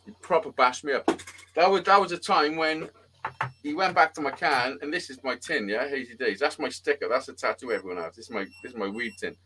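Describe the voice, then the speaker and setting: Against a noisy background, a man with a mid-range voice talks briskly while hosting a casual live-stream chat. His story rambles and is full of swearing, and he acts out the quotes with animation.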